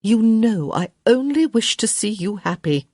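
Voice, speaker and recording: A woman's voice: on the high side, lively intonation, a little slow, warm tone, no echo, studio quality, voice pushed up. Woman voicing Violet, a fretting society mother. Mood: coaxing. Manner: insistent, coaxing.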